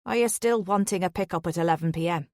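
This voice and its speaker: A woman's voice: on the low side, fast talker, darkish tone, no room sound, clean studio sound, lightly acted. A woman voicing an Irish taxi driver, blunt. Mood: blunt, matter-of-fact.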